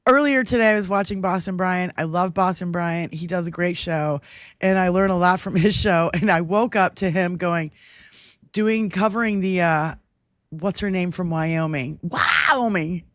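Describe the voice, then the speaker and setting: A woman's voice: lowish voice, moderate pace, fairly bright tone, no room sound, studio quality. A woman co-hosting a political livestream, chatting casually, mocking and laughing often. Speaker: livestream co-host.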